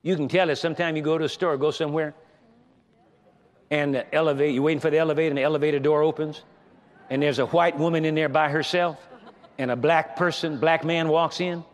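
A male pastor preaches to his congregation in the church sanctuary, talking to them directly in a conversational style. His voice is a little high, steady in tone, and fairly quick.

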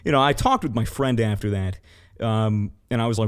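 A man's voice: on the low side, fairly quick, clean tone. A man in casual podcast talk, telling a story with plenty of swearing and acting out the people he quotes. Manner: profane, acts out quoted voices.

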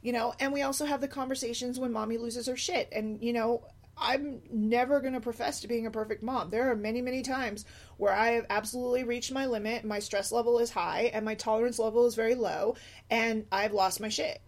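Chatty mom musing out loud. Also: female voice, a little high, fairly quick. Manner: chatty, animated asides and quoted voices. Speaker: blogger, single mom. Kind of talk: casual monologue.

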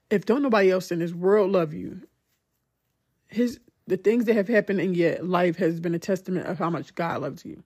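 A woman's voice: lowish voice, warm tone, slightly rough. A young woman hosting a podcast, telling a personal story in a conversational, emotional way with many "like"s. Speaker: podcast host.

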